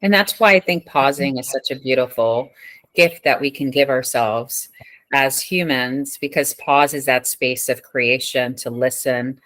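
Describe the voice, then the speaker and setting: Woman podcast host, bright, dry close mic, reflective. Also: a bass voice, dry recording. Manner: reflective, thoughtful, pauses with fillers. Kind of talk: reflective interview talk.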